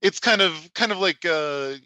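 Bright, dry-voiced man explaining his game. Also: high voice, a little slow, no echo, low-quality recording. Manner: thoughtful, explanatory, with frequent restarts. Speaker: game designer guest. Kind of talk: podcast interview.

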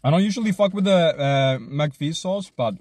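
A man chats casually while he eats on a live stream. His voice sits a little high and is husky, with lively leaps in pitch. The sound is dry and close, and his delivery is loose, jokey and full of swearing. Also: normal speed. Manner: hyped, joking, swears a lot, chews and hums between bites.

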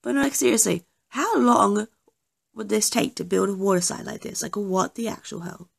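A woman's voice: mid-range voice, normal speed, creaky, husky. A young woman chatting casually over gameplay, often apologizing and joking about herself. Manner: self-deprecating, apologetic, chatty. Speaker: gaming YouTuber.

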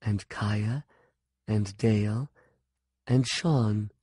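A man voicing an ageless wild-haired witch who speaks softly, slowly and possessively. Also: lowish voice, breathy edge, no room sound, studio quality, heavily acted. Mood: dreamy. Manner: soft, hushed and slow.

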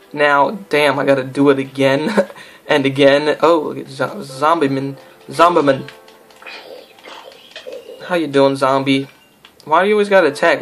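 A man's voice: mid-range voice, a bit bright. A young man giving casual, rambling let's-play commentary, goofing around and talking to himself and the game. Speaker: gameplay commentator.

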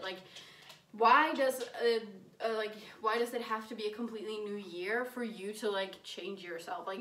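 A woman's voice: mid-range voice, fairly bright tone. Young American woman, casual vlog ramble, filler-heavy; roomy echo, distant mic, faint noise. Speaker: vlogger. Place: home, indoors. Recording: echoey room, mic at a distance.

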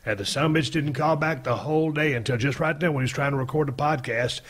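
Husky, profane storytelling man. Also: fairly high pitch, quick pace. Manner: profane, animated storyteller who acts out quotes. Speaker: podcast host. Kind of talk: casual storytelling chat.

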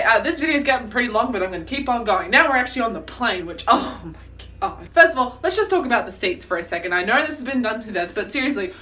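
A woman chatting to camera in a casual vlog, telling stories in an animated, dramatic, self-mocking way. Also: a little high, recorded from a distance. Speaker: vlogger.

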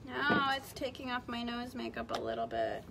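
A woman's voice: a little high, gravelly, heavy background noise. A young woman chatting her way through a makeup tutorial livestream from home, rambling and saying "like" constantly. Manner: chatty, rambling, heavy use of "like". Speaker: beauty vlogger.

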